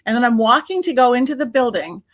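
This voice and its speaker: A woman guest on a podcast, telling a story in a lively, casual way and acting out her own quotes. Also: fairly high pitch, fast. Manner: animated, acts out her own quotes, many restarts. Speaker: podcast guest, psychic medium.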